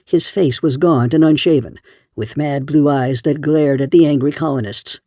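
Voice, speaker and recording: A man narrating an audiobook in a steady storytelling voice. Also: on the high side, normal speed, dry recording, studio quality. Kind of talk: scripted narration.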